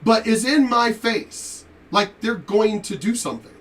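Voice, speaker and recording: High-voiced man ranting, far from mic. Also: a little slow. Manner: animated, profane, laughing asides. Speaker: reaction video commentator. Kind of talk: profane storytelling rant.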